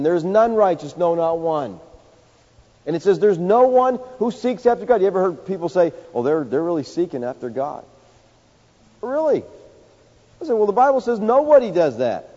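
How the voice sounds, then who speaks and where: A man preaching a sermon, emphatic, swinging from loud high peaks to low quiet lines. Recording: dull sound with long hall reverb.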